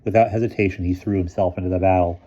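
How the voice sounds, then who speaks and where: A man reading a children's novel aloud in a steady, expressive voice. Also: low voice, quick pace, highs cut off. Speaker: audiobook reader.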